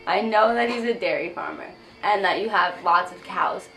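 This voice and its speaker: A woman's voice: mid-range voice, moderate pace, a bit bright, soft background music, pitched below the performer's own voice, natural voice, low-quality recording. A woman voicing a cocky young male college student, joking and casual. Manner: casual, jokey.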